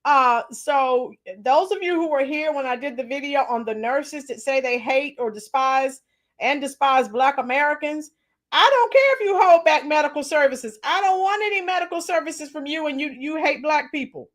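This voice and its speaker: Woman, high voice, chatty livestream host, greets chat by name. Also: normal speed, fairly bright tone. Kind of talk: casual reaction livestream.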